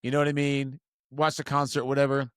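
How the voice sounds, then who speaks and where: A man in his forties from Utah, a podcast co-host telling a story in a casual, self-mocking way and jumping to higher voices for quotes. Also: monotone, fairly quick, a bit bright, clear, resonant tone, no room sound, clean studio sound.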